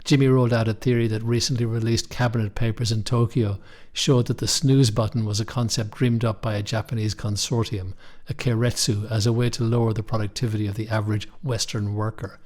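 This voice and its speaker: A young man narrating a first-person story in a measured, wry way. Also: lowish voice, darkish tone. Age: young adult. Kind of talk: scripted audiobook narration.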